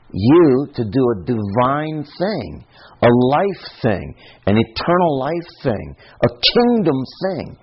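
A man preaching a sermon in a conversational, musing way, slowing down for emphasis and rushing through asides. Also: fairly low pitch, slightly rough. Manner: conversational, musing aloud, shifting between quick asides and slow emphasis. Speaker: pastor. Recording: dull lo-fi recording.

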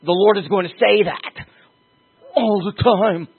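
A male preacher with a fairly high, husky voice delivers an emphatic sermon. He jumps up in pitch and drags out the words he wants to land. The sound is thin and tinny, like a phone line. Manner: emphatic, with sudden pitch leaps and slowed stresses.

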